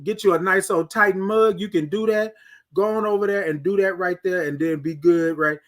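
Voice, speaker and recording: A man with a Texan accent hosting a live morning stream, chatting with viewers and singing out long, drawn-out greetings. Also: sits high. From Texas. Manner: animated, sings out drawn-out greetings. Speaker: host.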